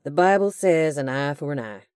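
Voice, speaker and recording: A woman's voice: extremely low pitch, a little slow, dark tone, no echo, clean studio sound. A woman voicing a menacing male villain with a Southern accent, who speaks in a casual drawl and erupts into screams. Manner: friendly drawl turning to screams.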